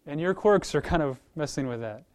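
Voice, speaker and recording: A male pastor preaching a sermon in a conversational way, telling a story with lively acted-out voices and repeating words as he restarts, then praying. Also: a little high, fairly quick. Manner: animated storytelling, acts out quoted voices.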